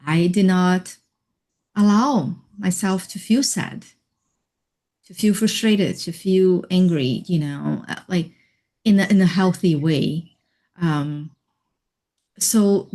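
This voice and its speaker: Slow, reflective woman on a video call. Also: on the low side. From Hawaii. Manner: slow, thoughtful, with soft laughs and fillers. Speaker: interview guest, healer and life coach. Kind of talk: reflective personal storytelling.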